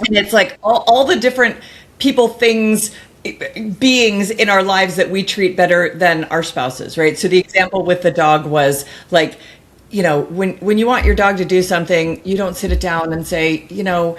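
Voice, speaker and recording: A middle-aged woman, a guest author, telling a story in a casual interview, rambling with many restarts and bursting into lively mimicked voices. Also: mid-range voice, normal speed.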